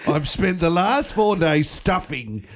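A man's voice: a little high, animated, slow pace. A man co-hosting a breakfast radio show, joking and playfully tripping over his words. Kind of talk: comedic radio banter.

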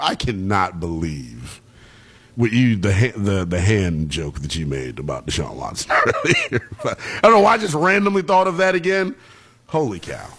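Husky young male sports radio host. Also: medium pitch, a bit bright. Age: young adult. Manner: playful, laughs often, riffs with callers. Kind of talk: late-night sports call-in radio.

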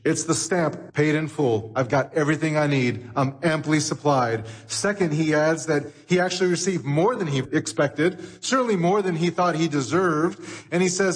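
A pastor preaching a sermon in a church, emphatic and repeating phrases for effect. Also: male voice, fairly high pitch, moderate pace, slightly rough. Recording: long hall reverb.

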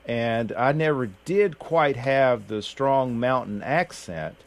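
Radio host, man, unhurried folksy delivery, mid pitch, radio broadcast sound. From Appalachian Kentucky. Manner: unhurried, folksy, many fillers and restarts. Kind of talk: casual radio chat.

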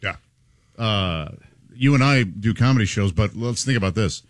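A man's voice: fairly low pitch, expressive, moderate pace, dry recording, studio quality. A man, a stand-up comedian co-host, teasing and playful in casual banter.

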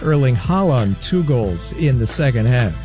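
A man reading the sports update on a radio show, brisk as he runs through scores. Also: medium pitch, very animated, dark tone, soft background music. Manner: brisk, reads scores and ad copy.

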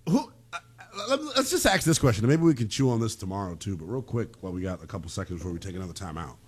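A man co-hosting a casual football talk show, animated and joking between game recaps. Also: low voice, racing, husky. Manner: animated, bouncing between hype and jokes. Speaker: sports show co-host.

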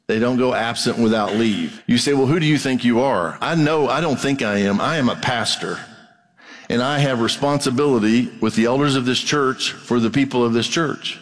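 A man's voice: mid-range voice, moderate pace. A man, a pastor, preaching a sermon in a casual, conversational way, quoting imagined objections from his listeners. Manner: conversational preaching, quotes hecklers in asides. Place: church sanctuary. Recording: long reverb of a large hall.

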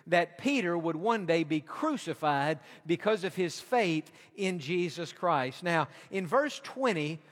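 A man preaching a sermon as pastor, reading scripture slowly and explaining it with emphatic repetition. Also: high voice, a bit bright, long reverb tail.

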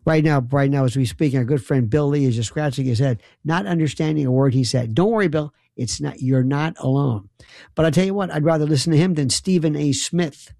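Gravelly, dry-voiced wry talk radio host. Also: male voice, fairly high pitch, brisk, mellow, no room sound. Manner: wry, rambling, sarcastic. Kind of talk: late-night call-in radio talk.

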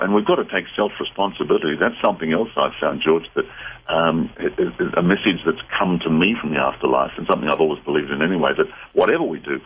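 A man's voice: low voice, breathy edge. A man talking as a psychic medium guest on a radio call-in, answering callers in an earnest, reassuring way. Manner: earnest, reassuring, advice-giving. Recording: phone-like narrow band.

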